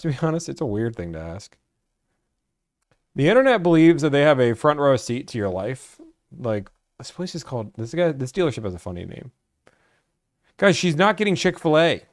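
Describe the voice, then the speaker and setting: A young man from Georgia chats casually on a live stream about buying cars, rambling and stuffing his talk with "like." His voice is a little high, and the recording is studio quality with no room sound.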